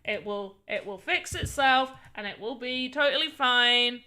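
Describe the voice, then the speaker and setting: A woman with a fairly high, sharp-toned voice speaks unhurriedly during a relaxed live stream of her game development. She thinks through things aloud as she tests, exclaiming at what appears on screen.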